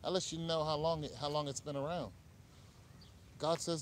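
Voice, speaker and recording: A man hosting a live-stream show, talking casually and with animation, full of asides and quick laughs. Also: a little high, steady tone, a little hiss or hum. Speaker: online show host.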